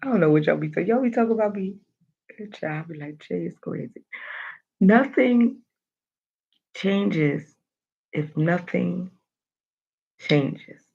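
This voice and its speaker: A woman giving a motivational daily vlog, animated and talking straight to her viewers with playful asides. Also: on the low side, measured pace, creaky, pauses often, breathy edge, muffled recording. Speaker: motivational vlogger.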